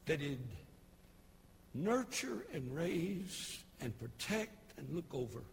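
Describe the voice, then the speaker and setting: A pastor in his sixties with a Tennessee Southern accent, preaching a folksy, humorous sermon with homespun storytelling and sudden shouted bursts. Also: on the high side, sing-song, slow pace, vocal fry, slight background noise. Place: church service broadcast on television.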